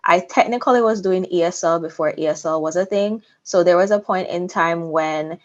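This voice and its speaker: Low voice lady, relaxed, laughs a lot, kinda muffled sound. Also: normal speed. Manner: relaxed, laughs easily, frank. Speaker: host. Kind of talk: casual discussion. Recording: dull lo-fi sound.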